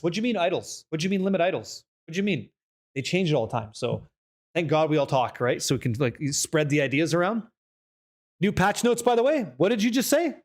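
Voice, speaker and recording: A young man streaming a game, chatting casually with viewers, reading patch notes aloud and swearing freely when excited. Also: high-pitched. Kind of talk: casual live-stream chat.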